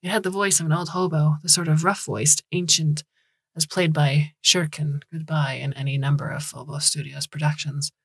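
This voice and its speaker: A woman reads a story aloud in a measured, even way. Her voice sits low and husky, and the recording is close and dry with no room sound. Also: no echo. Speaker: podcast story narrator. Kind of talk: scripted audiobook narration.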